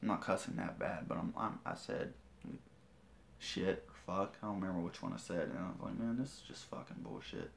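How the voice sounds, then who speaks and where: A man's voice: low-pitched, fairly even intonation, a little fast, gravelly, slight background noise. A man telling a story on a livestream, swearing a lot and talking in a defiant, boastful way. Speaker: vlogger. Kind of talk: livestream rant.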